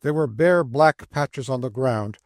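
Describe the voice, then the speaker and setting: A man's voice: medium pitch, no room sound, clean studio sound. Man narrating a classic travelogue. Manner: measured, descriptive storytelling. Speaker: audiobook narrator. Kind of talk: scripted audiobook narration.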